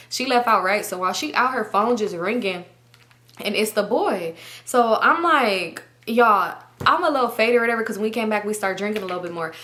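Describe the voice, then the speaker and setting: A young woman vlogger telling a story in casual chat, animated and full of slang and swearing. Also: mid-range voice.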